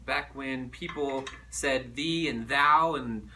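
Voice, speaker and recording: A man teaching a recorded music lesson to children, animated and playful as he demonstrates. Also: mid-range voice, slow, distant mic, slight background noise.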